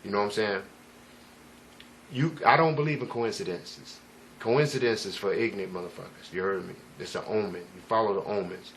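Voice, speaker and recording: A man's voice: lowish voice, normal speed, slight background noise. A man telling a personal story in a casual, rambling and profane way, full of emphatic asides to the listener. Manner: rambling, profane, emphatic, frequent "you know what I'm saying". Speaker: vlogger.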